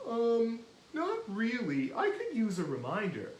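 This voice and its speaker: A man's voice: extremely high pitch, huge pitch swings, a little slow, echoey room, a little hiss or hum, pitched above the performer's own voice, exaggerated voice, rough recording. A man voicing an eager, curious young male hand puppet who talks hesitantly and asks questions, with a children's show feel. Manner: hesitant, questioning, easily impressed.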